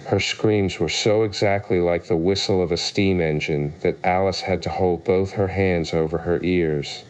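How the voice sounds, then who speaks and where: A man with a very low voice narrates a classic novel as an audiobook. His tone is smooth and resonant. He tells the story at a measured pace. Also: fairly even intonation, poor audio. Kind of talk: scripted narration.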